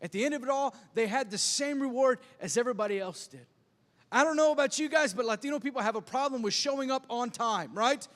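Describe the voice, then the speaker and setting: A man's voice: very high-pitched, quick pace, a bit bright, in a large hall. A man preaching a sermon as pastor, telling self-deprecating stories with lots of stammered restarts. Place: church sanctuary.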